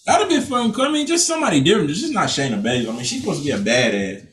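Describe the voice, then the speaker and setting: Man, high voice, loose profane chat, roomy echo, distant from the mic. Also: sing-song, very fast, a bit bright. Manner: loose, profane, acts out quotes. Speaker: podcast co-host. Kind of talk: casual chat. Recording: echoey room, off-mic.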